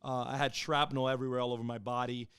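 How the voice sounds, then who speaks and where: A man in his thirties, a podcast guest, telling his own story in a casual, profane, animated way and acting out the people he quotes. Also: medium pitch, quick pace, clean tone, no room sound. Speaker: podcast guest, former Marine and police officer.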